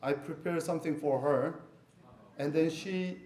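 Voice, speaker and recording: A man's voice: fairly high pitch, unhurried, darkish tone. Middle-aged man preaching in an echoey room. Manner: conversational, jokey asides with laughter. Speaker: pastor. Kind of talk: sermon.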